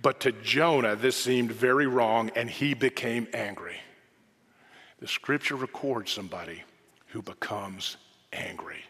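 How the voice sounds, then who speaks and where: A man preaching a sermon in a conversational way, moving between soft, quiet asides and emphatic quoted lines. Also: mid-range voice, unhurried. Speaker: pastor. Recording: reverberant hall.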